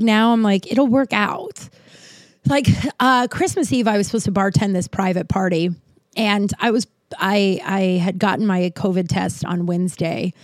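A woman's voice: mid-range voice, no room sound. A woman in her thirties telling a rambling personal story to her viewers, full of "like"s and casual swearing. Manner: rambling, swears freely, many "like"s. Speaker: vlogger.

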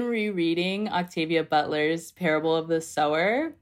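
A woman's voice: deep voice, moderate pace, few pauses. A young woman talking thoughtfully on a podcast, searching for words with many fillers and restarts. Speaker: podcast guest. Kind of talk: casual podcast conversation.

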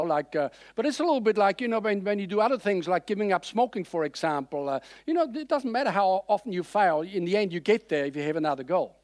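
A man preaching a sermon in a conversational, animated way, with frequent fillers. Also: on the high side, dry recording.

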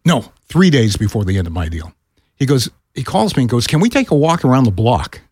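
Older guy on a podcast, telling a story, voice jumps all over, bit husky, dry close mic. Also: fairly quick, no echo. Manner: animated, acts out quoted voices with pitch jumps. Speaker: podcast guest, retired radio broadcaster. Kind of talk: casual storytelling.

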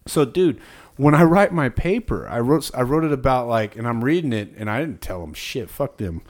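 A man's voice: medium pitch, lively intonation, moderate pace. Foul-mouthed man telling a heated story. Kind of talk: casual podcast chat.

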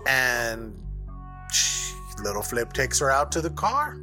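A man's voice: mid-range voice, sing-song, slow pace, sharp tone, faint music behind. A man co-hosting a podcast in loose, profane casual chat, laughing often. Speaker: podcast co-host.

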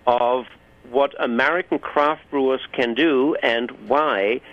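A man calling in as a beer expert guest, giving thoughtful, measured opinions. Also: mid-range voice, steady tone, fairly bright tone, no echo. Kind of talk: casual radio discussion. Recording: dull phone line.

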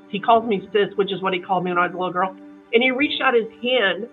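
A middle-aged woman from the Kansas City area telling her story in a casual interview, animated and full of fillers, acting out other people's voices. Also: mid-range voice, quick pace. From Kansas City area, USA. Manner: animated, acts out quoted voices, many fillers. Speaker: guest. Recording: tinny phone-like line with faint music.

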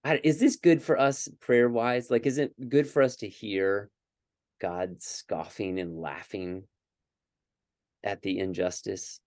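A man's voice: lowish voice, fairly even intonation, slow, a little mellow, no room sound, clean studio sound. A man co-hosting a casual scripture discussion, earnest and thinking aloud with many fillers and restarts. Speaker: podcast co-host.

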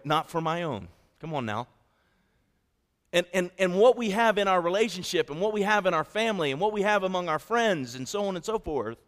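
A man's voice: high voice, a bit bright. Preaching man in a reverberant church. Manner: conversational preaching with call-outs to the congregation. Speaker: pastor. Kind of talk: sermon. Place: church sanctuary. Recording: long hall reverb.

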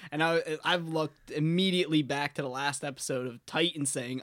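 A young man banters on a casual podcast, joking and dropping slang. His voice sits a little high. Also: fairly even intonation, normal speed, hardly any pauses, fairly bright tone. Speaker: podcast co-host. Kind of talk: casual chat.

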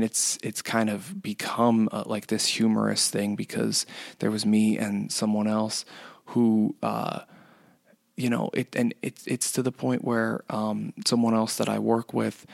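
A man's voice: fairly low pitch, vocal fry, dry recording, studio quality. A man casually telling a rambling story about his workplace, full of restarts and fillers. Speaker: retail worker telling a work story.

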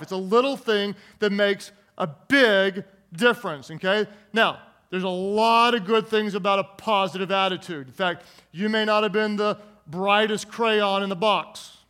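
High-voiced joking preacher man. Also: fairly bright tone. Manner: joking, calls for congregation responses; slows to stress key words. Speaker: pastor. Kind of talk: sermon.

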